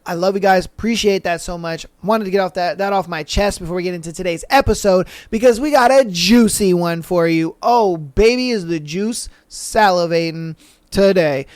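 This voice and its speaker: A man's voice: high-pitched, normal speed, clean tone, no room sound. A podcast host chatting casually and reading online threads, slangy and laid-back, calling listeners bro and man.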